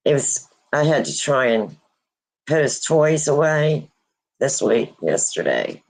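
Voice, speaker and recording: A woman hosting a casual livestream, grieving and near tears, speaking haltingly with many pauses and restarts. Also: rumbling low, sing-song, creaky, darkish tone, low-quality recording. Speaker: host of a paranormal channel.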